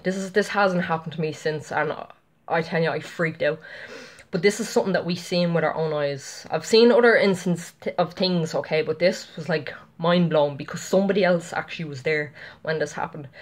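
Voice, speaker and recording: Woman, middle-aged, slightly low voice, casual rambling testimony vlog. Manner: chatty, rambling, many fillers and asides to viewers. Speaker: Christian vlogger.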